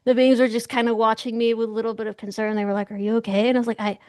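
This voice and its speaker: A young woman, a guest in an interview, telling a story in an animated, excitable way and acting out the voices she quotes. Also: on the high side, rapid-fire, smooth, no room sound, clean studio sound.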